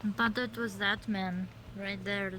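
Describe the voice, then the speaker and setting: A woman in a tabletop game, speaking slowly and tersely. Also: mid-range voice, fairly even intonation, pushed and bright, slight background noise, poor audio.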